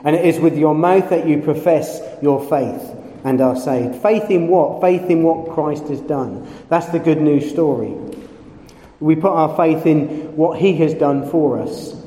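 Male preacher, mellow slightly high voice, animated sermon with jokes, roomy hall reverb. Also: unhurried. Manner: animated storytelling with playful asides and acted quotes. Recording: echoey hall with long reverb.

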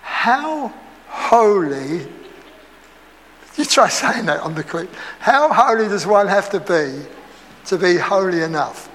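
With a high-pitched voice and a slow delivery, a man speaking in an Essex accent preaches through lively stories, laughing as he goes. He plays out the lines he quotes, recorded in an echoey hall with slight background noise.

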